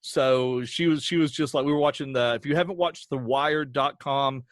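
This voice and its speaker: A man with an Appalachian accent, a podcast creator and guest, chatting in an animated storytelling way. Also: mid-range voice, normal speed, no echo, studio quality. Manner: animated storyteller, does voices. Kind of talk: casual interview chat.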